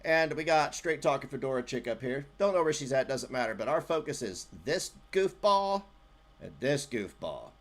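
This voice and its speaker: A man's voice: medium pitch, animated, normal speed. A man commentating on an old clip during a livestream, rambling, sarcastic and profane. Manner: rambling and sarcastic, swinging loud and soft.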